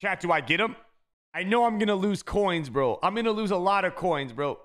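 A man streaming a video game, chatting casually with his chat and shouting when he gets a good pull. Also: sits high, brisk. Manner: excitable, shouts at big pack pulls; talks to chat, says bro a lot. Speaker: gaming streamer. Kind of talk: casual live-stream commentary.

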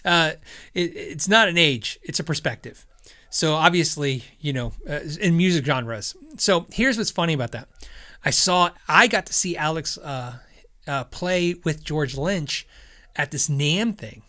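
A man's voice: fairly high pitch, animated, measured pace, bright, forceful tone. A middle-aged man hosting a podcast, rambling through listener questions in a self-deprecating way and laughing often. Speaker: podcast host. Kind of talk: casual chat.

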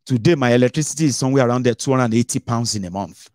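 A middle-aged Nigerian man hosting a casual political commentary show, animated and mixing Pidgin into his English, with dramatic swings in pitch. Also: rapid-fire, dry recording, studio quality. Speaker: host.

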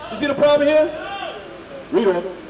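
A man street preaching, loudly firing questions at the crowd and drilling his points home. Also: very high-pitched, very animated, normal speed. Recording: echoey, from far off.

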